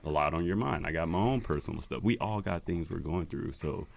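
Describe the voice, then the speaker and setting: Very deep-voiced earnest podcast host. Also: male voice, creaky. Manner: earnest, encouraging, speaks with pauses. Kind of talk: casual podcast conversation.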